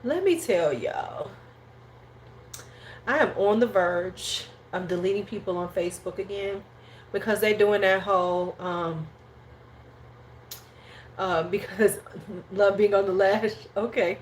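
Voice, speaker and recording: A woman's voice: mid-range voice, takes it slowly, pauses often, slight background noise. A woman hosting a casual livestream chat at home, rambling and slangy. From United States. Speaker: host.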